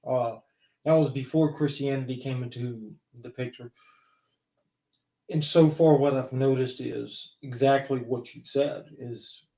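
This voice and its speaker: A man's voice: mid-range voice, vocal fry, dark tone. A man hosting a podcast, a counselor, talking in a thoughtful, hesitant way with many fillers and restarts. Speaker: host. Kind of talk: casual podcast chat. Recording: roomy echo.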